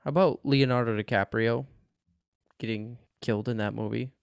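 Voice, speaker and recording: A man co-hosting a podcast, chatting casually in a loose, profane, animated way. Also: medium pitch, normal speed, creaky, clean tone, no room sound, studio quality. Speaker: podcast co-host. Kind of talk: casual chat.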